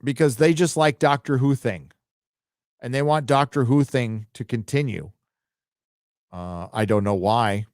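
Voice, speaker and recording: A man's voice: medium pitch, unhurried, pauses often, darkish tone, no echo. Male stream host, offhand and rambling, casual swearing, dry close sound. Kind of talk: casual live-stream chat, reading donations. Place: home studio.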